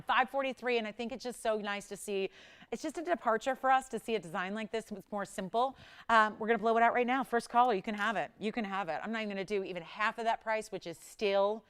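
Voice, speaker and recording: A woman hosting a live shopping channel, chatty and animated as she pitches jewelry and prices. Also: smooth. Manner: animated, chatty, sells with rapid price talk. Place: television studio.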